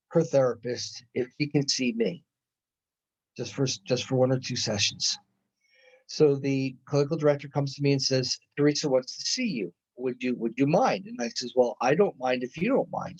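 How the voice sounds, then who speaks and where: Male lecturer, husky voice, storytelling style with quoted dialogue; muffled lo-fi recording. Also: mid-range voice. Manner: animated retelling with quoted dialogue.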